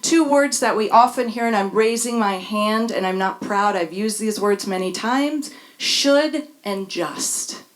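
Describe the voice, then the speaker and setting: A woman's voice: mid-range voice, moderate pace, hardly any pauses. A woman reading her own personal essay on a stage in front of a live audience, with a wry, emphatic delivery. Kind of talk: spoken essay read on stage.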